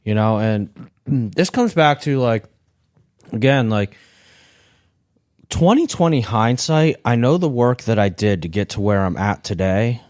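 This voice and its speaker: A man with a somewhat low voice tells a story thoughtfully, in an unhurried way. He is a podcast co-host, and the recording is dry and close. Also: sing-song, darkish tone, no echo. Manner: reflective, measured storytelling. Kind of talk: casual podcast chat.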